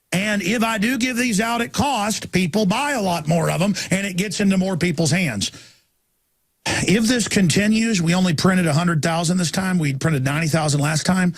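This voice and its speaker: A man hosting a talk radio show, delivering an impassioned ranting monologue that swings from shouts down to low murmurs.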